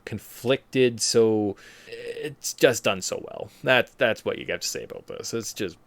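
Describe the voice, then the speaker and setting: A man hosting a podcast in casual chat, animated and joking. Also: medium pitch, a little slow, no echo. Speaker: podcast host.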